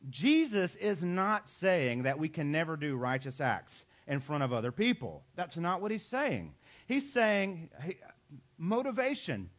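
A man, a pastor, preaching a sermon with emphatic delivery and dramatic pauses. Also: high-pitched, a bit bright.

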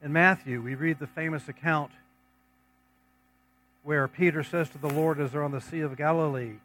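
A man's voice: a little high, fairly even intonation, moderate pace, long pauses, fairly bright tone, a little hiss or hum, rough recording. A man preaching a sermon, reading scripture passages aloud and then commenting on them in a conversational way.

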